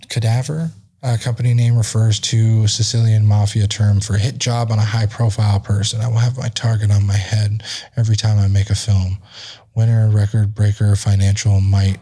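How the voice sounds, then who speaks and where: A man's voice: lowish voice, warm tone. A man hosting a podcast, reading a magazine article aloud with restarts and his own asides. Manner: reads haltingly with restarts and asides. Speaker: podcast host.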